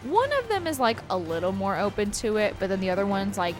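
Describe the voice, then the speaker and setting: A woman's voice: medium pitch, huge pitch swings, fast, few pauses, music in the background. A woman co-hosting a let's play, telling a long rambling story in casual chat while gaming. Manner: rambling storyteller, heavy use of "like". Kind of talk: casual chat over gameplay.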